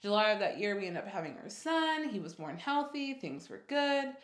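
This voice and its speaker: A woman in her twenties telling a personal story casually, jumping high in pitch for quoted reactions. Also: big pitch swings, moderate pace, echoey room. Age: 20s. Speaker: vlogger.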